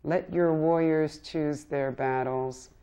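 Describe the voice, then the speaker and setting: A woman poet reads her verse aloud at a live reading, slow and deliberate. Her voice sits low and deep. She delivers each line with solemn, impassioned weight. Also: fairly even intonation, dark tone, clear, resonant tone. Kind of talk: poetry reading.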